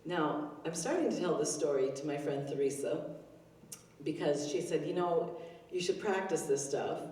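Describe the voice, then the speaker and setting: A woman's voice: low voice, moderate pace, dark tone. An older woman at an open mic, telling chatty, self-deprecating stories with lots of fillers. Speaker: stand-up comedian. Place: arts center stage, live audience. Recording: roomy hall heard from a distance.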